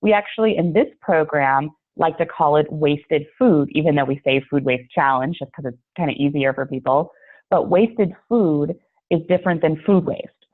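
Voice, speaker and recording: A woman's voice: low voice, lively intonation, normal speed, gravelly. A woman giving a friendly, chatty online training talk over a video call, with many fillers. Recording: tinny phone-like call audio.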